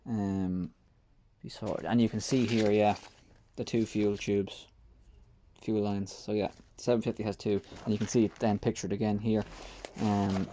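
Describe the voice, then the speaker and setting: A man's voice: fairly low pitch, normal speed, mellow, a little hiss or hum. A man working on a motorcycle in a home workshop, muttering to himself as he goes and poking fun at himself, close to the mic. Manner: mutters to himself while working, wry and self-mocking. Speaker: motorcycle restoration vlogger. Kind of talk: casual workshop commentary. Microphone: close mic while hands are busy.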